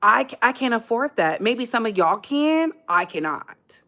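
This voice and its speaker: A woman's voice: fairly high pitch, animated, moderate pace, sharp tone. An American woman hosting a casual commentary channel, talking in a sassy, emphatic way and calling her listeners "baby.".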